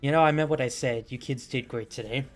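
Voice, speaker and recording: A man's voice: mid-range voice, quick pace, faint music behind, close to an everyday voice. A man voicing a cocky, playful male monkey king in a tabletop game, boastful and teasing.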